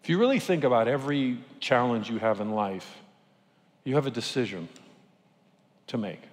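Man preaching in a reverberant hall. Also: mid-range voice. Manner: lively storytelling with rhetorical questions. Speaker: pastor. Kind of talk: sermon.

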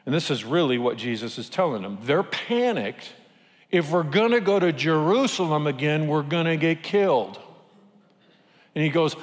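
A pastor preaching a sermon, telling stories and asking rhetorical questions. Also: male voice, on the high side, normal speed, long reverb tail. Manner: lively storytelling with rhetorical questions.

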